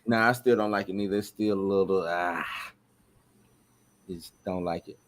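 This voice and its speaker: A man co-hosting a casual show review, talking in a relaxed, conversational way. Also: low voice, normal speed. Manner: relaxed, conversational, "you know what I'm saying". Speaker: podcast co-host. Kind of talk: casual chat.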